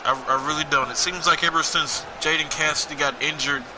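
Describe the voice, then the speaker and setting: A man's voice: fairly high pitch, steady tone, brisk, background noise. Young man rambling over gameplay. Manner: rambling, joking, self-mocking. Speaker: gameplay commentator. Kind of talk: casual gameplay commentary.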